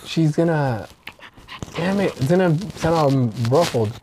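A woman's voice: deep voice, expressive, a little slow, dark tone, a little hiss or hum. A young woman hosting a podcast, telling stories in loose, profane casual chat with lots of laughter. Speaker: podcast host.

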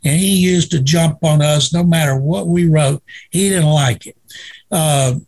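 An older man spins lively stories as an interview guest. His voice sits a touch high and is gravelly, with a husky edge. He acts out the dialogue in his anecdotes. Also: measured pace. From Waco, Texas. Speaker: guest, retired sportswriter. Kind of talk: storytelling in a casual interview.

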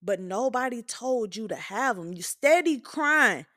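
A woman's voice: fairly high pitch, animated, measured pace, a bit bright. Blunt, profane woman in her twenties. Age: 20s. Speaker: podcast host. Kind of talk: candid opinion monologue.

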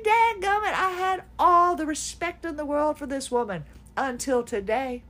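A woman's voice: high voice, a bit bright. A woman podcast host telling a story in an exasperated, sarcastic way, with laughs mixed in. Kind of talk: casual personal venting monologue.

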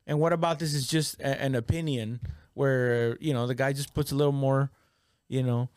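A man's voice: mid-range voice, fairly even intonation, moderate pace, darkish tone, smooth, no room sound. A man in casual podcast chat, rambling with restarts, swearing and joking.

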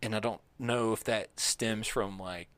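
Bright-voiced man in rambling podcast chat. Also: lowish voice, fairly even intonation, unhurried. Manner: rambling, heavy use of "like" fillers. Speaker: podcast co-host. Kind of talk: casual chat.

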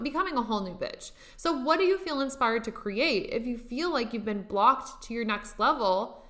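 A woman's voice: a little high, pushed and bright. A young adult woman, a spiritual coach, talking casually and motivationally to her listeners, with lots of filler words and casual swearing.

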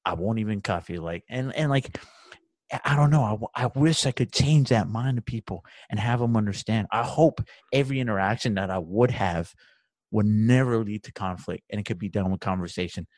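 A man's voice: fairly low pitch, brisk, darkish tone, dry recording, clean studio sound. A man in a casual podcast conversation, rambling and swearing often, who grows heated as he talks. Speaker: podcast guest or co-host, police trainee.

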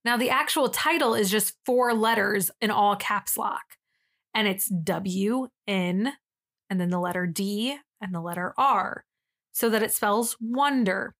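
A woman's voice: mid-range voice, unhurried, fairly bright tone. A young woman co-hosting a podcast, telling a funny story in casual chat, acting out quotes and swearing now and then. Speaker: podcast co-host.

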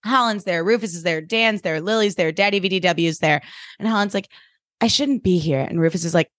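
A woman co-hosting a podcast, retelling a TV episode in a casual, animated way and slipping into quoted voices. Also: on the low side, quick pace, no echo. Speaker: podcast co-host. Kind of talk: casual TV recap chat.

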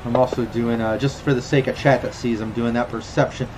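A man's voice: medium pitch, steady tone, brisk, heavy background noise. A man acting as game master, narrating and ruling on a tabletop game in a loose, rambling way. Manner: loose, rambling, lots of fillers.

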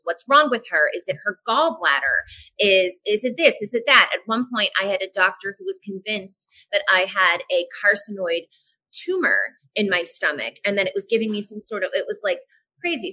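Woman on a podcast, bright clear voice, candid and animated, swears now and then, does little voices for people. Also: mid-range voice, rough recording. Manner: animated, acts out dialogue in quick voices; frank, swears casually. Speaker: podcast guest. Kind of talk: candid personal storytelling in a casual podcast chat.

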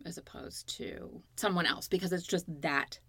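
Gravelly, earnest woman guest. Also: on the low side, normal speed, dry recording. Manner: emotional, earnest, storytelling. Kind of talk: candid interview conversation.

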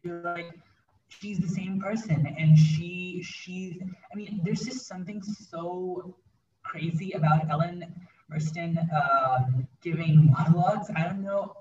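A man's voice: high-pitched, slow pace, darkish tone. A man talking casually about a film, hesitant, with many fillers and restarts. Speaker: guest film reviewer. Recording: roomy, distant, dull, faint noise.

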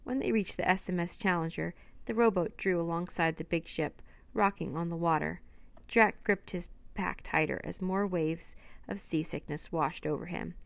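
A woman narrates a storybook in a steady, even way. Her voice sits fairly low with a gravelly rasp, and it sounds close and dry. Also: moderate pace, dry recording.

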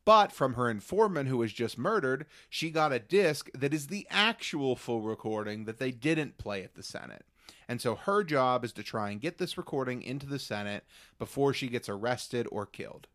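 A man co-hosting a podcast, recapping episodes in casual, animated chat and sometimes dropping into mock voices. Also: medium pitch. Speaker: podcast co-host.

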